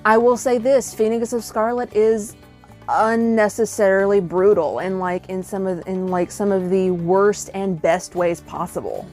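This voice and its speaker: A woman's voice: medium pitch, steady tone, unhurried, darkish tone, faint music behind. A young woman reviewing a book in a casual vlog, gushing and dramatic, with lots of fillers. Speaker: book vlogger.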